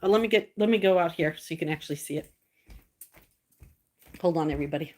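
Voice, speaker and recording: A woman's voice: sits low, fast talker. Chatty woman vlogging from home. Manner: chatty, talks to herself while cooking. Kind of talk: casual chat to viewers. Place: home kitchen and outdoor yard.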